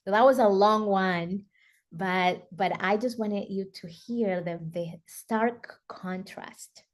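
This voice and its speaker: A woman guest speaker at a summit, interviewed here, talks slowly in a medium-pitched voice. She earnestly tells a personal story, often using fillers like "you know" and "like".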